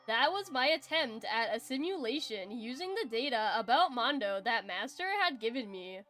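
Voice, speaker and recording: A woman voicing a soft, polite female AI program that speaks in a formal, analytical way while reading game dialogue aloud. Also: a little high.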